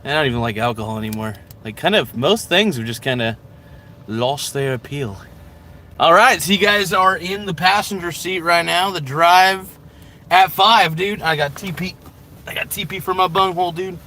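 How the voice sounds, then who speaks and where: Guy rambling crude jokes n swearing while driving, bright kinda high voice, camera stuck in the car. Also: normal speed, slight background noise. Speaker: vlogger. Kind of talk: casual live-stream vlog while driving. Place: inside a car. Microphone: camera mounted in the car.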